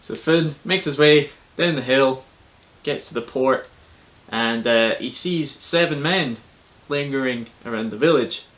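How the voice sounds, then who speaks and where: A man retelling an old legend in a casual, spoken way. His delivery is relaxed and chatty, full of colloquial asides, at an ordinary pitch for a man. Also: unhurried, poor audio. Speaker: storyteller. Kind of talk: casual oral storytelling.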